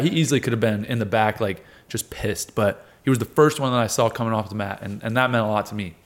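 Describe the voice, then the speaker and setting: A man's voice: lowish voice, fast, few pauses. Young guy telling a hype story, acts out the quotes, laughs a lot. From United States. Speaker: guest, wrestler and fighter. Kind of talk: casual storytelling interview.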